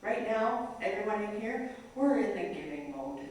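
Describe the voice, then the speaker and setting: A middle-aged woman from Canada giving a humorous, animated storytelling talk to an audience, acting out dialogue as she goes. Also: mid-range voice, moderate pace, a little hiss or hum. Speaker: motivational speaker. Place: large hall. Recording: echoey hall, mic heard from far off.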